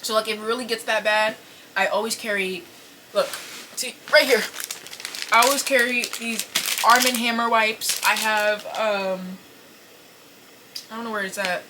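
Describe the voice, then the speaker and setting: A young woman hosting a podcast, telling an embarrassing story to camera in a casual, animated, profane way, full of fillers and apologies. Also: a little high, a little slow, long pauses, noisy background. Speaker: podcast host. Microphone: camera set up in front of her.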